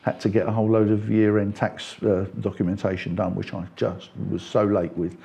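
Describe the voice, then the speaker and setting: A middle-aged man from England, talking politics in an interview, getting animated and climbing in pitch as he makes his points. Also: a little fast, gravelly. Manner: animated, rising pitch when making points. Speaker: party member interviewee.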